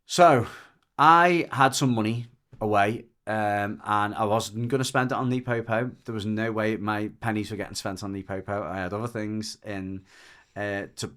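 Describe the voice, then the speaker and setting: Low-voiced man telling a rambling story. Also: normal speed, hardly any pauses. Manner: rambling and animated, with frequent restarts and lively mimicry of others. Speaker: podcast guest, dog trainer. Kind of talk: casual storytelling chat.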